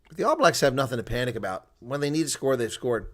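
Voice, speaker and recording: A man commenting on a rugby match live by himself, mixing play-by-play with casual color talk. His voice sits at an ordinary middle pitch, and he swings between loud excited outbursts and quiet muttered remarks. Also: fast. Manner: chatty, excitable, jumps to loud outbursts then mutters asides.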